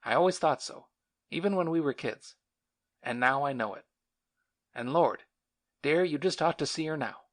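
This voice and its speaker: A man's voice: a little high, expressive, moderate pace, pauses often, natural voice. A man voicing a frail, earnest young male war veteran who talks in an urgent, pleading way.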